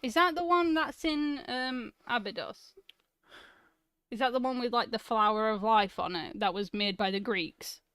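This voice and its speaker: A woman's voice: fairly high pitch, normal speed, fairly bright tone, smooth, dry recording, studio quality. A woman chatting casually, giggling and swearing as she rambles. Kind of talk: casual chat.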